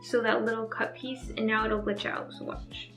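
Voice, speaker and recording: A woman's voice: on the high side, level tone, moderate pace, music in the background. A young woman talking casually through an editing tutorial, upbeat and saying "like" often. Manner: chatty, upbeat, uses "like" often. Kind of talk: casual screen-recorded tutorial. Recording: echoey room.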